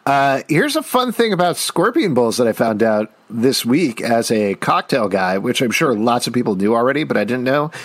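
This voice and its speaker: Male podcast co-host, casual and jokey, animated pitch, dry close mic. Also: moderate pace, few pauses, no room sound. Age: adult with children. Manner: animated, joking, reads listener questions. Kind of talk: casual chat.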